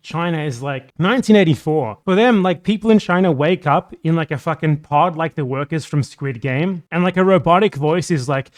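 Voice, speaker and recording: A man's voice: a little high, normal speed, few pauses. A man hosting a livestream, reacting to a clip with blunt, sarcastic, profane commentary. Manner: blunt, sarcastic, swears freely.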